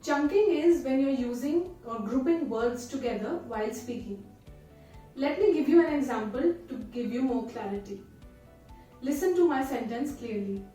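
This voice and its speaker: Woman tutor teaching an exam-prep lesson, clear and deliberate, mellow higher voice, heard from a distance in a very echoey room with faint music. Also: expressive. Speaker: IELTS tutor. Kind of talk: instructional video lesson.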